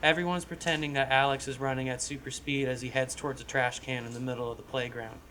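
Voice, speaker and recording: A man talks through a script idea for his podcast, rambling and profane and restarting his sentences. His voice is bright and forward, and a faint hum of ambience sits behind him. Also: mid-range voice, level tone, fast talker. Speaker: podcast co-host. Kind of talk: casual chat pitching a script.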